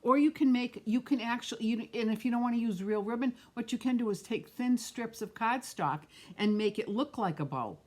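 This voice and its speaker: A woman's voice: a little high, brisk, hardly any pauses. A middle-aged woman, chatting with viewers by name while demonstrating a card-making craft on a live stream. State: has the hiccups.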